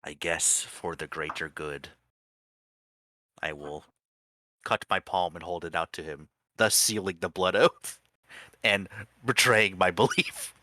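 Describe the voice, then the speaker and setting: A man's voice: low voice, slow, pauses often, pushed and bright, no echo, studio quality. A man playing a tabletop role-playing game, talking playfully and laughing mid-sentence. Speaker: player.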